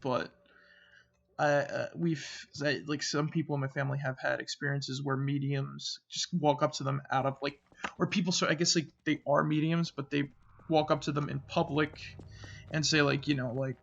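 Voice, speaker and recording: A man casually telling a story of a frightening night, rambling and halting with many restarts, dropping to a murmur when he voices his own fearful thoughts. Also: fairly high pitch, little pitch movement, gravelly, a bit bright, lo-fi sound. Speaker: channel host.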